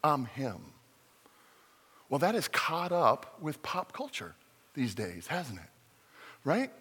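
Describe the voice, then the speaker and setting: A man preaching a sermon as a pastor, lively and joking, with acted-out quotes. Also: a little high, takes it slowly, breathy edge, in a large hall.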